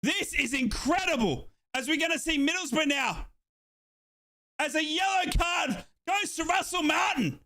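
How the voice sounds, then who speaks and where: A young man from Australia giving excited, breathless live commentary on a football match as a fan streamer, shouting and chanting along. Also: extremely high pitch, measured pace.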